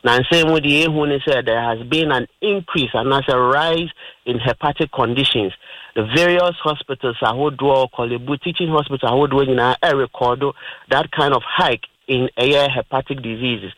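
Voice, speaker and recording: On a radio health talk mixing Twi and English, a Ghanaian-accented man appears as an expert guest, patiently lecturing about liver disease with everyday examples. His mid-range voice is a bit bright, the recording is low quality, and there is no echo.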